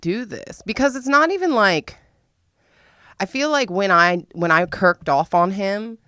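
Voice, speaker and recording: Her mid-range voice moves a little slowly, captured in studio quality without any room sound. As host of a podcast, she's spinning a profane, casual story with frequent laughter, excitable and spiking in pitch when she vents.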